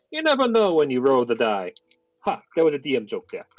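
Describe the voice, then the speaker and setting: A man's voice: mid-range voice, wildly swooping pitch, a little fast, dry recording. Rambly guy dm catching up his players, dull dry home mic sound. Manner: rambling, chatty, many fillers. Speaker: game master. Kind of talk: narrating a tabletop game.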